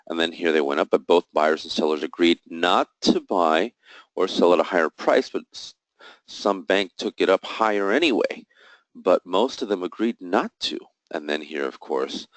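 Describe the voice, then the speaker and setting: A man with a very low voice leads a live trading lesson, recorded close and completely dry with no room sound. He explains each chart setup methodically, quizzing himself aloud and answering, and throws in emphatic, jokey asides. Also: no room sound, poor audio. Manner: explains step by step, asks and answers his own questions. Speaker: trading instructor. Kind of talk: live trading session walkthrough.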